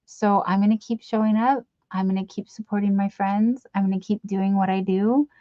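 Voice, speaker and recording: A woman's voice: mid-range voice, fairly even intonation, normal speed, dark tone, no room sound, highs cut off. A middle-aged woman hosting a late-night live stream, chatting and reading out comments in a rambling, giggly, affectionate way with lots of fillers. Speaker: livestream host.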